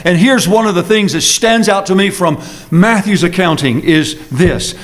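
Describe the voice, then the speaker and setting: A man preaching an earnest, emphatic sermon with dramatic pauses, as pastor in a church sanctuary. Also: high voice.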